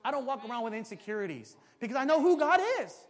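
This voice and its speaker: A man's voice: very high-pitched, animated, quick pace. A man in his forties preaching a sermon, telling stories and building to impassioned emphasis. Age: 40s.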